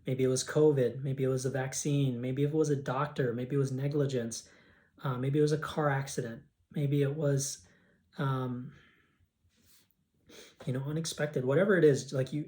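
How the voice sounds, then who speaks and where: A man's voice: medium pitch, fairly even intonation, normal speed, darkish tone. A man coaching a guided tapping session, voicing grief affirmations aloud for the listener to repeat. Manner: leads scripted affirmations, speaks emotions aloud.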